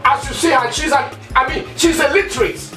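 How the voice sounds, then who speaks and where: A man's voice: very high-pitched, a little fast, sharp tone, reverberant, recorded from a distance, faint music behind. An actor playing a young man, pleading with his father over the woman he wants to marry. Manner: pleading, insistent.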